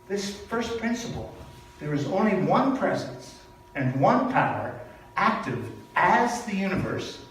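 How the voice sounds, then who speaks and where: An older man from Canada giving a personal sermon at a church service, telling stories with animated, emphatic repetition. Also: fairly high pitch. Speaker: speaker at a spiritual church service. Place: large echoey hall. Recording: very echoey hall from far off, faint noise.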